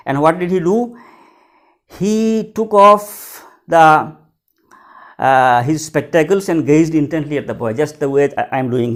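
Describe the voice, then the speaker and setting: A man teaching a lesson, reading passages from a story and then going over each one in plain words. His voice sits a little high for a man, and he talks in the patient way of a classroom explanation. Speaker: English teacher.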